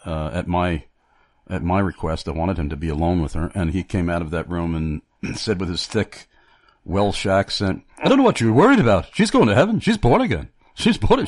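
Deep, reflective male talk host. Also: dry recording. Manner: reflective, halting, with frequent fillers and restarts. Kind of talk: Christian radio talk.

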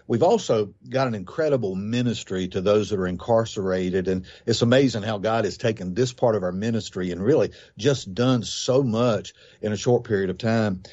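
A man's voice: lowish voice, moderate pace, few pauses, a little mellow, muffled recording. A man who founded a recovery ministry, answering questions on a radio interview in an earnest, explanatory way with fillers and scripture quotes.

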